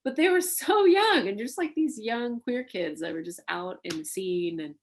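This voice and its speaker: A woman, a burlesque performer, recalling her life in an oral history interview, animated and laughing, with many fillers. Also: medium pitch, normal speed, a little hiss or hum. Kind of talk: reflective interview storytelling.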